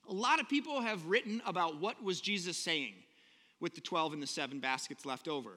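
A man's voice: high-pitched, animated, normal speed, pushed and bright. A man preaching a casual, conversational sermon to his congregation, talking informally and often correcting himself mid-sentence. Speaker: pastor. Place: church sanctuary. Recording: long reverb in a church hall.

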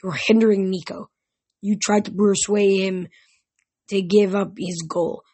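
A woman's voice: medium pitch, steady tone, unhurried, dark tone, slightly rough. A woman reading as Minos, a sneering ghost king. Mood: smug. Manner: smug, mocking.

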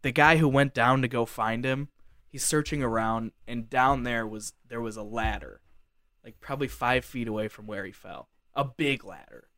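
A man's voice: medium pitch, fairly bright tone, dry recording. A young man telling a casual story at length, rambling with lots of fillers like "like". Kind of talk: casual anecdote.

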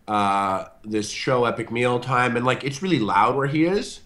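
Bright-voiced man telling a rambling story. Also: mid-range voice, moderate pace, few pauses. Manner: animated, acts out quoted voices, many fillers. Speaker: online video show host and guest storyteller. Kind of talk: casual storytelling on a video call. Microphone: video call.

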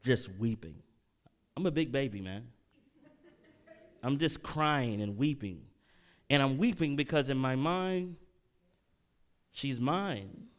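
A man's voice: medium pitch, slow, long pauses. A middle-aged man preaching a sermon, telling a personal story and calling out questions to the congregation. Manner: animated preaching, audience call-outs, emotional storytelling. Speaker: pastor.

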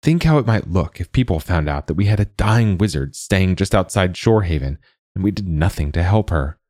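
A man's voice: expressive, fairly quick, darkish tone, dry recording, clean studio sound. A man voicing a pompous, anxious middle-aged town mayor who speaks in a formal, self-important tone in a storybook reading. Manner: formal and pompous, raised pitch.

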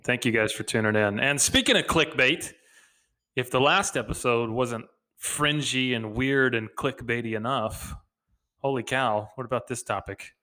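A man's voice: medium pitch, normal speed, pushed and bright. A man co-hosting a podcast, chatting casually in an upbeat way with many fillers over a video call. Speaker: podcast co-host.

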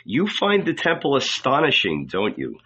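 Audiobook: male reader as a fiery, mocking preacher, slow and weighty, husky tone, dull recording. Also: medium pitch, very animated, sharp tone, full character voice. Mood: defiant. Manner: firm, weighty, at times sarcastic.

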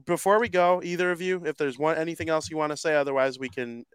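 Sports podcast host guy, excitable and jokey, crisp dry sound. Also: a little high, fast talker, no echo. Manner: joking, excitable. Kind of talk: casual sports chat.

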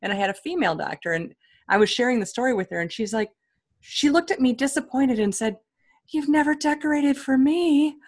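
A woman guest on an interview show tells comic stories at a quick clip, jumping between voices as she quotes people. Her voice sits in a middle register. She laughs often as she talks. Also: medium pitch, animated. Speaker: author and guest.

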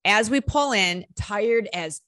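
Woman musician telling a wild story, bright voice, kinda low, swears a lot, dry close sound. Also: slow pace, no room sound. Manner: animated, swearing, acts out quotes in bursts. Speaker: musician guest. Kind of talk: casual storytelling interview.

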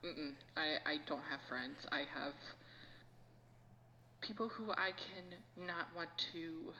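A woman guest on a casual podcast, with deadpan, mock-menacing banter. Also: low voice, slow pace, big-room sound, a little hiss or hum, rough recording.

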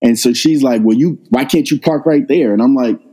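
Man retelling a tense encounter, mellow voice. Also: mid-range voice, brisk, rough recording. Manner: animated retelling, rises sharply when quoting himself. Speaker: guest sharing a personal story. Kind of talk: conversational storytelling.

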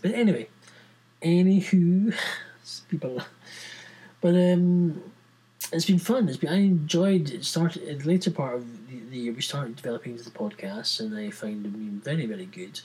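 A man's voice: fairly high pitch, normal speed, dark tone, husky, low-quality recording. A man hosting a podcast on his own, chatting casually in a rambling, jokey, self-mocking way. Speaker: podcast host. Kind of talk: casual solo podcast chat.

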